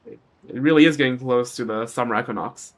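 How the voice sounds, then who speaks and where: A man's voice: mid-range voice, fast. A man giving casual let's-play commentary, rambling and self-deprecating, often restarting his sentences. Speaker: game streamer.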